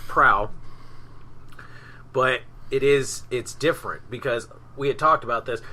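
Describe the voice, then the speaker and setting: A man's voice: mid-range voice, unhurried, sharp tone, poor audio. A man co-hosting a podcast in casual chat, rambling and restarting his sentences, with some swearing. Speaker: podcast co-host.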